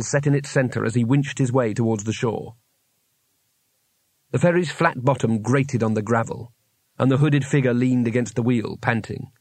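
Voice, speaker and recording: Guy reading a story aloud, steady and wry, dead dry studio sound. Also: mid-range voice, no echo. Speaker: audiobook narrator. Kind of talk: scripted narration.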